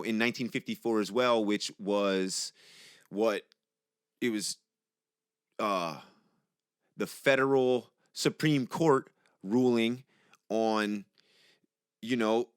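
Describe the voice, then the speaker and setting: A man's voice: medium pitch, clean tone, no room sound. Young male podcast host, angry and profane, casual delivery, dry close sound. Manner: profane, heated, conversational. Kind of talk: casual monologue.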